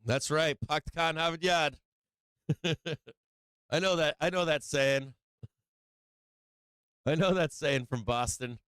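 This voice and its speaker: A man's voice: on the high side, slow pace, long pauses, fairly bright tone, clean tone, no echo. Man, livestream market host, brash and profane, clean dry close sound. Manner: brash, profane, whooping and laughing. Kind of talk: casual livestream market commentary.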